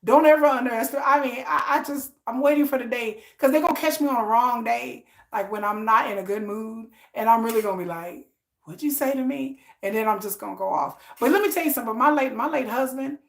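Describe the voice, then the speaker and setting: High-voiced woman telling stories live. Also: fast, gravelly. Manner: animated storytelling, acting out quoted lines. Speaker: live streamer. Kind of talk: casual live-stream chat. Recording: echoey room.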